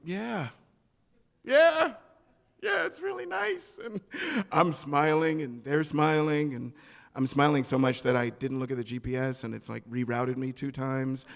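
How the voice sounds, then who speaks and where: A man telling a story on stage at a live event, animated and comic, acting out the people in it. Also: medium pitch, normal speed, big-room sound. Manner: animated, comic, acts out quoted voices.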